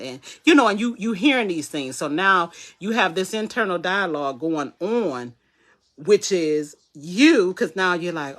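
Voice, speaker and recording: A speaker giving a live motivational talk at a middling pitch, loose and conversational, slipping into quoted inner voices to make a point. Key phrases get repeated for emphasis, like a coach talking straight to the viewer. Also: lively intonation, normal speed, a bit bright. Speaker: wellness coach.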